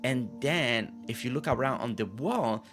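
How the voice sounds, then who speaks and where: A man's voice: medium pitch, expressive, unhurried, over music. A man giving casual gameplay commentary as a gaming channel host, admiring what he sees and repeating phrases for emphasis.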